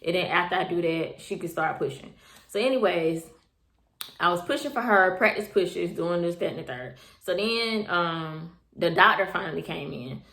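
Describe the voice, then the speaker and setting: Chatty young mom, low voice, echoey room. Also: female voice, lively intonation, normal speed, fairly bright tone. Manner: chatty, repeats herself, addresses viewers as y'all. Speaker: mother telling her birth story. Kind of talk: casual storytelling to camera.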